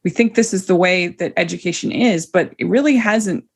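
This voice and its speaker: A woman's voice: lowish voice, moderate pace, husky. A woman who reviews movies, talking as a podcast guest in casual chat, thoughtful and hesitant, with many restarts.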